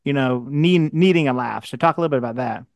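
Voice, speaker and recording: A man's voice: medium pitch, fast talker, no echo. A man hosting a podcast interview, asking earnest questions and often repeating words as he starts. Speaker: podcast host.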